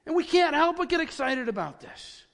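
Male pastor, sermon delivery, high voice, excitable, stumbles over repeats, long hall reverb. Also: normal speed, vocal fry. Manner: excitable, repeats words when worked up.

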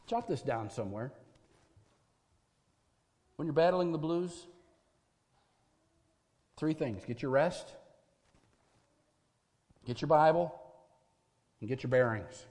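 A man's voice: mid-range voice, slow pace, long pauses, darkish tone, long reverb tail. A man preaching a sermon as pastor, earnest and emphatic, building his points through repeated parallel phrases.

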